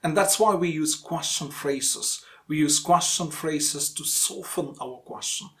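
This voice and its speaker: A man gives an explanatory lesson. His voice sits a little above the usual male range. He speaks deliberately and repeats each example phrase for the learner. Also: a little high, fairly bright tone. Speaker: English teacher.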